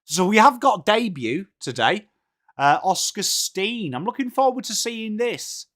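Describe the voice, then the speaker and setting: Chatty English man, slightly high voice. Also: very animated, a little slow, a bit bright. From England. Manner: chatty, greets viewers by name, says mate a lot. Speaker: livestream host. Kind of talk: casual live watchalong chat.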